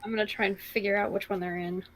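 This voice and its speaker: A woman playing a tabletop game, talking quickly and casually. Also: mid-range voice, steady tone, rough recording. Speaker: player.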